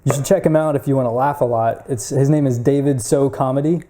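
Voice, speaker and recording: A young man co-hosting a casual show, upbeat and quick to laugh, sometimes stumbling over his words. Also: mid-range voice, fairly even intonation, warm tone. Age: young adult. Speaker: podcast co-host. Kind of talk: casual chat.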